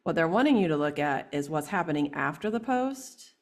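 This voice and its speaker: A woman with a very low, gravelly voice passes along intuitive guidance on a podcast. She explains each point steadily, framing it as what "they" are showing her. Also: expressive, brisk. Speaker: intuitive reader relaying guidance. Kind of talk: channeled spiritual advice.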